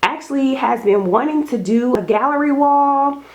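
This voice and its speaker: A young adult woman chatting casually in an unboxing vlog at home, gushing and excitable, calling her viewers y'all. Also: sits high, moderate pace. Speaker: home decor vlogger. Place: home dining room.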